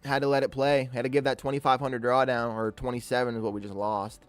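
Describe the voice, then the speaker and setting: A man streams his trading live, talking through every move with frequent swearing and open exasperation. His voice sits at an ordinary middle pitch, with faint music playing softly behind him. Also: little pitch movement, fast, smooth. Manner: exasperated, swears often, talks to himself about trades. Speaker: day trader streaming live. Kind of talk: live trading commentary, reading chat.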